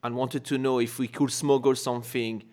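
A man's voice: mid-range voice, flat delivery, normal speed, a little mellow. A man from France with a French accent, co-hosting a comedic podcast in careful English and searching for words. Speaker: podcast co-host. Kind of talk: casual comedic podcast chat.

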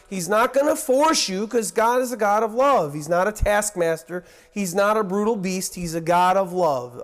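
A man. He is earnest and swings between hushed, confiding asides and rising, excited emphasis. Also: sits high. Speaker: preacher. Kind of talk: sermon.

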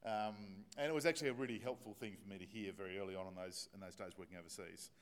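In a church with a crowd audible behind him, an Australian-accented pastor speaks in a low voice, very fast. His evening sermon includes a prayer, and he tells stories conversationally and self-deprecatingly, full of fillers.

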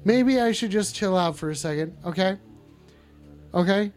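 A man's voice: high-pitched, normal speed, darkish tone, faint music behind. A man hosting a comedic call-in show in character, brash and profane and often repeating himself. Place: indoors at home.

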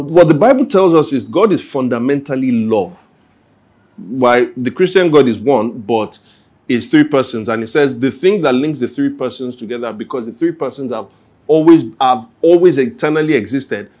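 A man's voice: medium pitch, lively intonation, normal speed, darkish tone. A man answering questions at a church Q&A, talking conversationally and acting out everyday scenes. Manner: conversational, acts out everyday scenes with little quoted voices. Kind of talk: Q&A talk.

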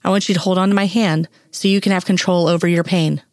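A kind young brother who patiently helps an injured man, read by a woman. He speaks quietly and gently. The voice is close and dry. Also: fairly low pitch, fairly even intonation, fast talker, dry recording, natural voice. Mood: gentle. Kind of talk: reading fan fiction aloud.

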